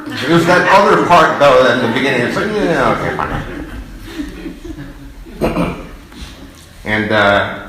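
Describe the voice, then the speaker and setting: Halting man recalling his father, echoey hall. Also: deep voice, bright, forceful tone, slight background noise. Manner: halting and fond, many fillers and restarts. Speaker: son giving a eulogy. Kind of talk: personal reminiscence.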